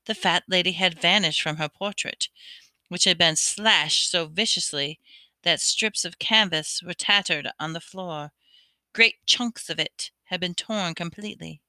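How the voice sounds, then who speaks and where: A woman reads a novel aloud, sometimes tripping over words and starting them again. Her voice sits a little low, very bright and smooth. The sound is dry and close. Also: a little slow, no echo. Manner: stumbles and restarts words. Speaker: reader.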